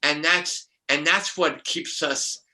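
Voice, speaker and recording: A man's voice: fairly high pitch, fairly even intonation, slow pace, pushed and bright, low-quality recording. An older man, a numerologist guest, telling rambling spiritual stories with many restarts and laughs.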